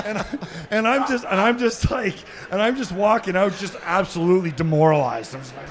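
Animated high-voiced man telling stories. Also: fast talker, a crowd in the background. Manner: laughing, acting out quotes, shouting at punchlines. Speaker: podcast guest. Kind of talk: animated storytelling. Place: sports bar, live taping.

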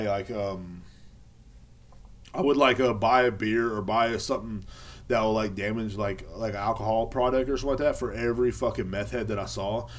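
A man hosting a casual solo podcast, rambling, swearing often and turning sarcastic. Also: on the low side. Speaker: podcast host.

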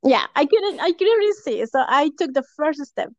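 A woman's voice: high-pitched, very animated, normal speed, no echo, lo-fi sound. A woman from Peru, a podcast guest, telling a personal story in casual chat with lots of fillers and laughs. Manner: warm storytelling, laughs often, many fillers. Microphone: home podcast mic.

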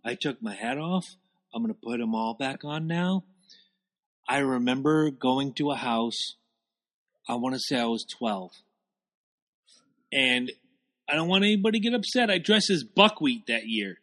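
A man co-hosting a podcast in casual, profane chat, prone to loud rants. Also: medium pitch, expressive, normal speed, long pauses. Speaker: podcast co-host.

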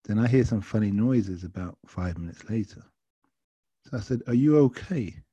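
Dark husky man telling a taxi story. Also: lowish voice, normal speed, no echo, lo-fi sound. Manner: chatty, anecdotal, quoting others. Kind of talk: casual storytelling.

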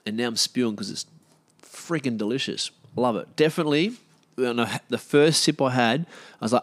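A man's voice: mid-range voice, fairly quick. A man with an Australian accent, talking casually in a rambling, self-deprecating way with many fillers and restarts. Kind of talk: casual monologue.

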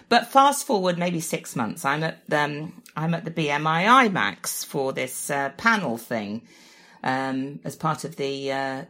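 A woman's voice: low voice, expressive, unhurried, fairly bright tone. A middle-aged woman telling a self-mocking story in a chatty interview, often laughing at herself. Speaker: guest telling an anecdote. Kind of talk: animated anecdote, chatty.

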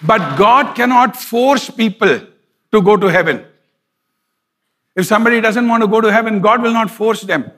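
A man's voice: sits high, moderate pace, fairly bright tone. A middle-aged man, a pastor preaching conversationally and telling a story, chuckling often. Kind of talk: sermon with storytelling.

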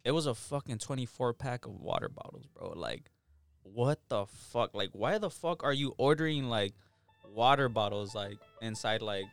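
A man's voice: medium pitch, lively intonation, normal speed, no room sound, soft background music. A man who works as a delivery driver, ranting in casual chat with coworkers and swearing a lot. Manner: profane, ranting.

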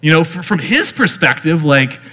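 A man's voice: on the high side, expressive, normal speed, pushed and bright, slightly rough. A man preaching a casual teaching sermon in a conversational, chatty way, full of filler words. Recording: long hall reverb.

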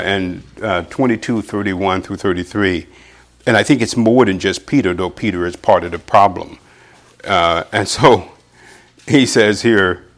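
During his sermon, a man speaks animatedly with frequent chuckles and sudden pitch jumps for emphasis. He reads passages of scripture aloud in a deliberate, old-fashioned cadence.

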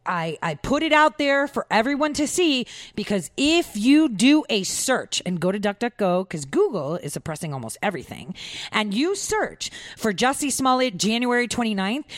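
A woman's voice: a little high, no room sound, studio quality. Chatty, giggly woman talk show host. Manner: chatty, giggly, full of "like" and "you know". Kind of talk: casual opinion monologue.

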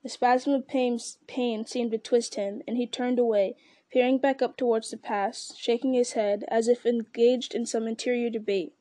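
A woman narrating a novel aloud in a measured, steady storytelling manner. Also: a little high, no room sound. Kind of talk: audiobook reading.

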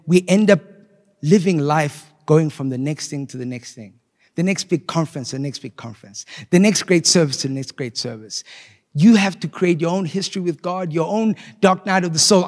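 Impassioned male preacher in a reverberant hall. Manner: swings from loud impassioned rises to quiet, low reflective delivery. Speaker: pastor. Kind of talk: sermon.

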